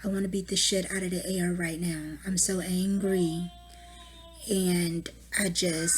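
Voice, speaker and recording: A young woman, a mother recording a personal video diary at home, exhausted and distraught, speaking haltingly and often dropping to a whisper. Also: fairly low pitch, level tone. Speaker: mother giving a family update.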